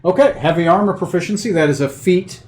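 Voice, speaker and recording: A man running a tabletop game with a slightly high voice. He narrates loosely, trailing off into fillers and restarting his sentences. Faint noise sits behind him on the recording. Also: darkish tone. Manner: loose and halting, many fillers. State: has the hiccups. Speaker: game master.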